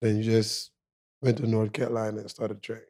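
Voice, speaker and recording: A man's voice: lowish voice, level tone, fairly quick, dark tone. A man co-hosting a podcast who asks questions in a playful, teasing way and laughs often. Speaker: podcast co-host. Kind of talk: casual interview chat.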